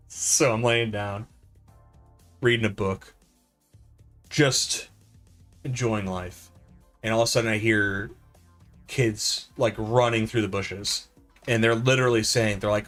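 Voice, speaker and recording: A man's voice: lowish voice, fairly even intonation, slow, pauses often, fairly bright tone, faint music behind. A middle-aged man streaming gameplay, chatting casually and telling a rambling, self-deprecating story full of "like" and restarts. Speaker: live streamer. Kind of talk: casual live-stream chat over gameplay.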